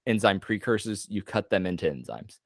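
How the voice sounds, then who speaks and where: A man tutoring a student on a video call, explaining loosely with casual slang and quick self-corrections. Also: fairly low pitch, animated, vocal fry, no echo, clean studio sound. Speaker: medical tutor.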